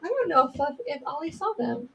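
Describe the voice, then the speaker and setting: A woman's voice: sits high, sing-song, a little fast, gravelly, dull audio, a loud crowd. Chatty enthusiastic woman. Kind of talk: casual chat.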